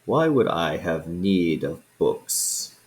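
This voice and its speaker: A man voicing an ancient, proud and resentful male dragon in a tabletop game, speaking slowly and gravely. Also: sits low, sing-song, full character voice. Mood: scornful. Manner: slow, grave, disdainful.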